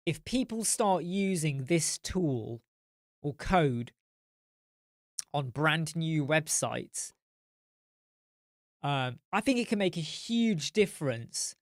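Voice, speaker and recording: A man's voice: fairly high pitch, dry recording, studio quality. A man hosting a casual live chat, tired and yawning, rambling as he answers viewer comments.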